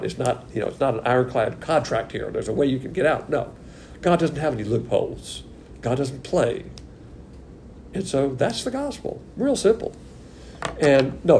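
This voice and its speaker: A man's voice: a little high, a little mellow, slight background noise. A man preaching a sermon, emphatic and conversational with blunt asides. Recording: echoey room with faint ambience.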